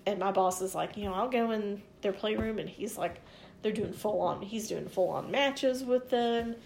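A woman's voice: mid-range voice, normal speed, vocal fry, a little mellow, a little hiss or hum. Rambling woman telling a story. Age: 40s. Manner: rambling, loose, swears freely, quotes others in back-and-forth. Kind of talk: casual storytelling chat.

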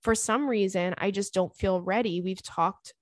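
Blunt, animated woman podcast host. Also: medium pitch, normal speed, no echo, clean studio sound. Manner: blunt, animated, swears freely. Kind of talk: casual podcast chat reading a listener letter.

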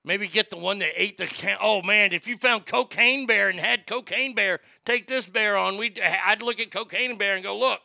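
A man hosting a live show, riffing on the news in a loud, profane, mocking rant full of stammers and jokes. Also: high-pitched, moderate pace, vocal fry, hardly any pauses, no echo, studio quality. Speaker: live show host reading chat.

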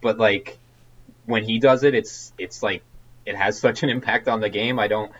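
A man in casual podcast chat, halting and emphatic, with frequent restarts. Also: fairly low pitch, steady tone, muffled recording.

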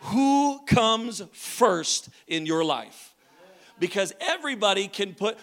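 Bright, high-voiced male preacher; animated, joking sermon delivery. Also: slow. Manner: lively storytelling, jokes with the congregation, shouts at times.

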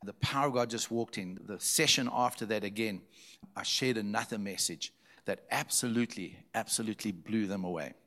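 A man's voice: on the low side, a little fast, a bit bright. A male pastor from Zimbabwe telling stories in a sermon, emphatic and repeating key phrases for effect. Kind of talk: storytelling sermon.

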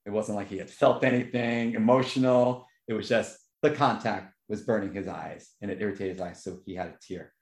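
Animated man in an echoey room. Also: a little fast, few pauses. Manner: animated storyteller, voice jumps high for quoted reactions. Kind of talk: casual chat.

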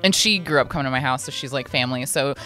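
A woman in her twenties chatting casually on a podcast, an animated storyteller who swears freely. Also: rumbling low, very fast, soft background music. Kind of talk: casual chat.

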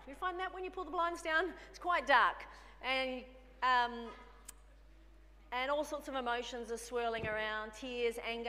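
Woman preacher, higher voice, bright and forceful, conversational sermon, reverberant church hall. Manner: conversational, acts out dialogue with herself.

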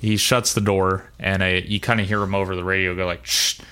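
A man runs a tabletop game as game master, narrating casually. His voice sits fairly low but sounds bright and forceful. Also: little pitch movement, a little fast, smooth. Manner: casual, laughing asides.

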